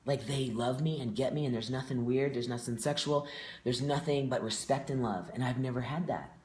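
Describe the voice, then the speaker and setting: A man speaking as a guest in a casual conversation, reflective and earnest, often pausing on fillers. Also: mid-range voice, darkish tone, reverberant.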